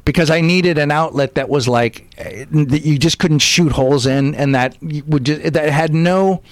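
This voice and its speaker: A man's voice: on the high side, normal speed, no echo. A man, a stand-up comedian, telling stories animatedly as a guest in a casual interview, acting out quotes in different voices.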